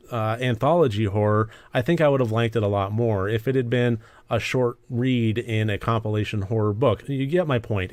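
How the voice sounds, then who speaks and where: A man's voice: mid-range voice, dry recording. A man hosting a casual spoken film review, rambling with frequent fillers and little asides. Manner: rambling, many fillers, self-deprecating asides. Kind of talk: casual movie review monologue.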